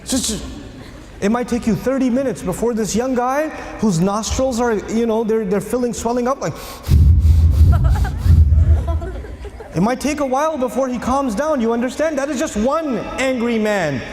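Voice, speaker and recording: A man giving a religious lecture with a high voice and an animated delivery. He keeps putting questions to his audience. The sound rings around a large, reverberant hall. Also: a little fast, few pauses. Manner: animated, asks the audience questions, acts out quotes.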